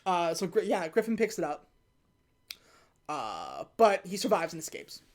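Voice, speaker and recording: A woman hosting a podcast, casually retelling a film plot and quickly acting out the characters' lines. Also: on the low side. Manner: animated retelling with quick put-on quotes. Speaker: podcast host. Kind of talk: casual movie recap chat.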